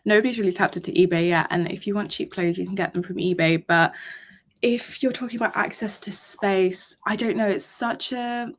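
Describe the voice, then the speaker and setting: A woman's voice: mid-range voice, a little fast. A woman chatting as a podcast guest, telling stories and filling her speech with "like". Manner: chatty, lots of "like", storytelling. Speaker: podcast guest, secondhand fashion creator. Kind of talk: casual podcast chat.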